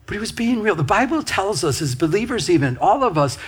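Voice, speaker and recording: In a husky, somewhat high voice, a male pastor delivers a relaxed, conversational sermon. He's lively and constantly turns to the congregation with quick asides, talking with them instead of at them.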